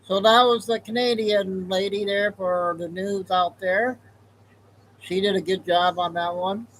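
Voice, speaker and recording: A man's voice: high voice, steady tone, measured pace, a bit bright, a little hiss or hum, poor audio. A male host making casual, offhand remarks between clips. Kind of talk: casual show links.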